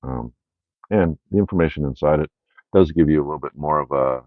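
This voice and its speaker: A man's voice: very deep voice, fairly quick, no room sound. A man hosting a casual media haul video, rambling through his picks with lots of fillers and "right?" check-ins. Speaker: media collection haul host. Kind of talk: casual unscripted video review. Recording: dry, dull lo-fi sound.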